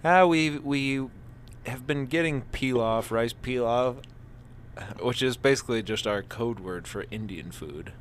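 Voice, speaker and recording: A man's voice: mid-range voice, measured pace, a little hiss or hum. A man co-hosting a casual lunchtime podcast in an office, talking with his mouth full and rambling with many fillers. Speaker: podcast co-host. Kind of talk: casual chat while eating lunch.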